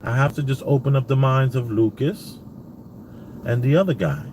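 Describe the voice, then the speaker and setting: A man in his parked car, speaking at a middling pitch as he rambles through a story. He tells it casually and stops often to recount what he said and what was said back. A faint hum of noise runs under his voice. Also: animated, normal speed. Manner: rambling, retells dialogue with many "I says" asides. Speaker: vlogger.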